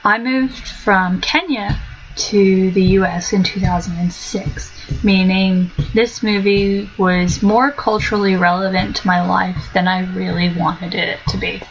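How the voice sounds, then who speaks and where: A woman's voice: medium pitch, fairly even intonation, unhurried. A woman in her twenties telling stories about her own life in a casual, wry way, with joking asides and frequent ums, as a vlogger. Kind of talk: casual storytelling. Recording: dull lo-fi home recording with faint noise.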